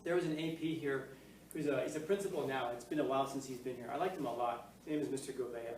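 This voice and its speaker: A man's voice: mid-range voice, fast, a little mellow. A male teacher giving a casual, joking classroom lecture, full of fillers and questions to the class. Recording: echoey classroom, mic far off, faint noise.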